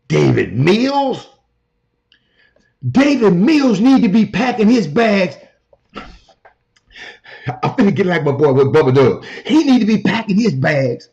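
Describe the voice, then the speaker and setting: A man's voice: on the high side, darkish tone. Emphatic man riffing on sports, lo-fi. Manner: emphatic, repeats himself, addresses cohost and viewers directly. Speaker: sports talk show host. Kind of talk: animated casual sports talk. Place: hotel room. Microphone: portable camera. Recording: dull lo-fi sound.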